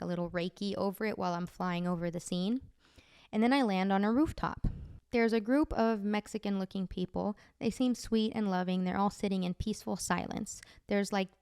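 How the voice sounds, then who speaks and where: Chatty woman with a gravelly edge. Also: mid-range voice, darkish tone, dry recording, clean studio sound. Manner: chatty, many "like" fillers. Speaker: podcast host. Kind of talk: casual storytelling.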